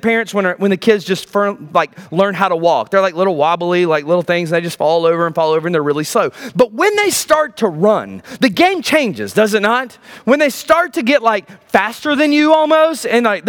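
A man in his thirties preaching a sermon as pastor, firing rhetorical questions and dropping to low, emphatic lines.

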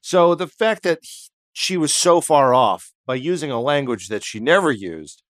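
A man's voice: on the high side, lively intonation, normal speed, a bit bright, dry recording, studio quality. A man co-hosting a podcast, telling a story in casual chat and cracking jokes. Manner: jokey, drops into silly put-on voices. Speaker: podcast co-host.

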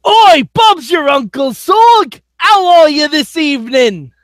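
A man putting on a jokey Cockney voice as a gag, loud and drawn-out. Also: extremely high pitch, big pitch swings, no echo, studio quality, pitched above the performer's own voice, heavily acted. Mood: mock-British.

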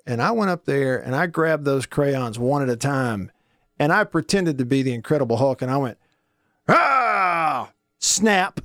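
A man hosting a radio show, telling stories in a folksy, animated way and laughing often. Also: fairly high pitch, dry recording, clean studio sound. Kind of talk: casual radio talk and storytelling.

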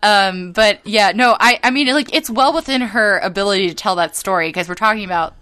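A woman's voice: mid-range voice, brisk, bright, forceful tone, clean tone. A young woman co-hosting a casual podcast, telling rambling stories with lots of fillers and restarts. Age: young adult. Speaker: podcast co-host.

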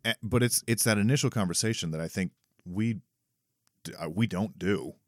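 A man with a very deep, low voice co-hosts a podcast. He thinks aloud and talks at length, often restarting his sentences as he works out a point. The recording is dry and close. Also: normal speed, a little mellow, no room sound. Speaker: podcast co-host; parent. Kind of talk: casual chat.

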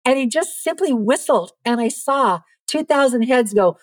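A woman's voice: high-pitched, normal speed, dry recording. Earnest woman telling faith stories. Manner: earnest, lively storyteller. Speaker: guest. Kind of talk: faith testimony in a podcast interview.

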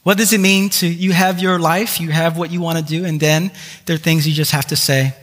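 A male pastor with a high, bright, forceful voice tells a lively story from the pulpit, mocking himself as he goes. He acts out the voices in his tale. His words ring out with a long reverb through a large hall. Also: fairly quick. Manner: animated anecdotes, acts out voices, self-mocking humor. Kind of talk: sermon with personal storytelling.

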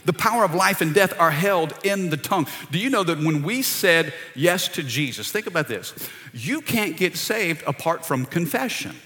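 A middle-aged man preaching a sermon in a church, energetic and calling out to the congregation. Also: a little high, normal speed. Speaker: pastor. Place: church sanctuary. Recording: long reverb of a large hall.

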